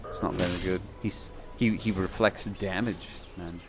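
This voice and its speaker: A man's voice: sits low, steady tone, moderate pace, music in the background. A man casting a video game match live, calling plays and joking casually between them. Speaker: esports caster. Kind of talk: live play-by-play commentary.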